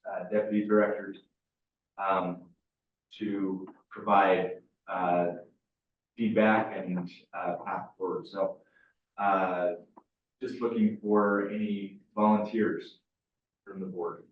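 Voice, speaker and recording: A man explaining a policy at a board meeting, halting, with many fillers. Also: sits low, little pitch movement. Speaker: staff member presenting a report. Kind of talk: meeting report. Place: meeting room. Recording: very echoey room, far from mic, dull.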